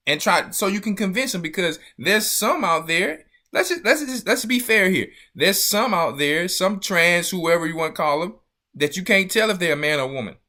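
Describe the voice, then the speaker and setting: A man hosting an online show, giving casual, animated commentary on video clips with laughing, preacher-like asides. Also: fairly high pitch.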